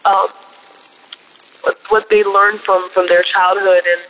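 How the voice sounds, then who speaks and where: High, bright-voiced man calling in. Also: level tone, slow pace, a little hiss or hum, rough recording. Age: middle-aged. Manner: fervent, voice swinging high and low. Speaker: caller. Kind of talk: emotional voicemail prayer.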